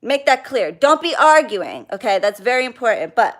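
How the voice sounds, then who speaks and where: A woman's voice: on the high side, big pitch swings, moderate pace, a bit bright. Blunt woman venting on a livestream. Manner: blunt, venting, reads out viewer names and swears freely. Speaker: spiritual practitioner hosting a livestream. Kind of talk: casual livestream chat.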